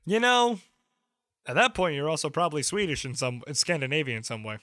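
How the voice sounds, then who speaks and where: This male podcast host talks in a bright, somewhat high voice, chatting casually and ribbing his guest. His speech is crowded with "like", and the recording is dry and close. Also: sing-song, fairly quick, no echo. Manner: teasing, filler-heavy with lots of "like". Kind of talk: casual chat.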